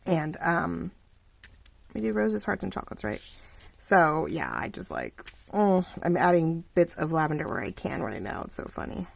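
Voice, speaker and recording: A middle-aged woman running a small shop, chatting casually and rambling while she crafts, full of fillers and lively ups and downs. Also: lowish voice, normal speed, vocal fry. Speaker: craft vlogger and shop owner.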